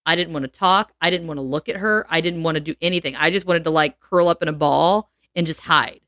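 A young adult woman on a casual podcast, telling a story in an animated way and acting out what people said. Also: sits low, fairly quick, no room sound, clean studio sound. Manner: animated, laughs often, acts out quotes. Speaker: podcast co-host.

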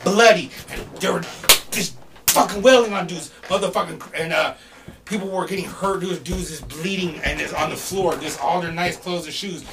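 A middle-aged man casually telling a story on a podcast, animated and swearing, shouting out the quoted lines. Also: high voice, normal speed, far from the mic, background noise. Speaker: podcast guest.

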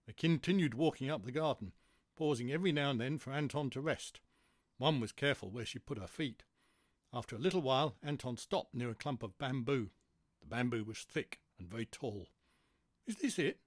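A man narrating a children's story in a gentle, even way. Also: medium pitch, brisk, no room sound, studio quality.

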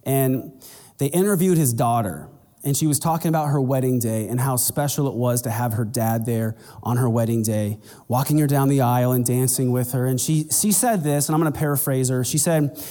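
A man's voice: mid-range voice, fairly quick, dark tone, in a large hall. A man preaching a sermon as the pastor, speaking conversationally and raising his voice when he acts out little exchanges with churchgoers.

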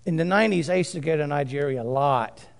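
High-voiced preacher in a reverberant hall. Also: male voice, quick pace, vocal fry. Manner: emphatic preaching, repeating and drawing out key phrases. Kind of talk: sermon.

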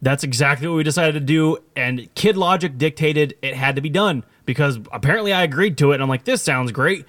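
A man's voice: fairly high pitch, quick pace, hardly any pauses, fairly bright tone, dry recording, studio quality. A young adult man co-hosting a podcast, telling a rambling story with lots of fillers and acted-out quotes. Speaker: podcast co-host. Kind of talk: casual storytelling chat.

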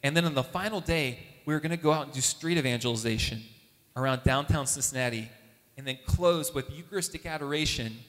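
A man telling a lively faith story as a testimony, acting out the voices of the people in it. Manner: animated, acts out quoted voices with big pitch jumps. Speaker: speaker at a Catholic gathering. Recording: long hall reverb.

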